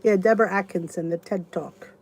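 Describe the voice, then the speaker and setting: A woman's voice: lowish voice, brisk, darkish tone. A woman in her fifties hosting a casual live chat, answering viewers by name and rambling in a chatty way with many restarts. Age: 50s. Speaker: YouTube channel host.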